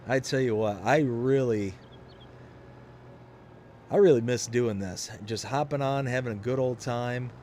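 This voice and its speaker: A young adult man chatting casually on a live game stream, rambling in a relaxed, fond way with lots of fillers. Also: mid-range voice, measured pace, pauses often, a little hiss or hum. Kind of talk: casual live-stream chat while playing.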